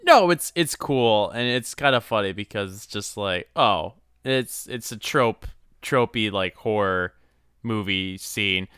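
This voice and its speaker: Smooth-voiced man in a dry room. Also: on the low side, expressive, a little slow, fairly bright tone, no room sound. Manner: hesitant, filler-heavy reactions. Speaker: podcast co-host. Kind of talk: casual chat.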